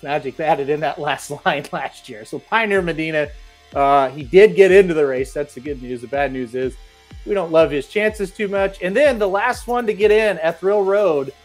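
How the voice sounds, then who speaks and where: A man hosting a horse racing show, reading out viewer comments in a casual, chatty way and joking as he goes. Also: on the high side. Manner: joking, chatty, laughs between remarks.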